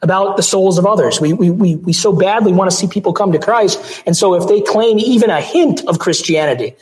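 A pastor delivering a sermon, hoarse with his voice going out, earnest, with restarts and throat clearing. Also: high-pitched, fairly quick, a little mellow, rough recording.

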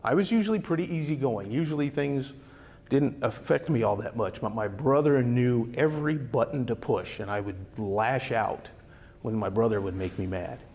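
A pastor gives a Bible study sermon conversationally, often tossing rhetorical questions to his listeners. His mid-range, slightly mellow voice moves at normal speed, and the dull audio carries a long hall reverb.

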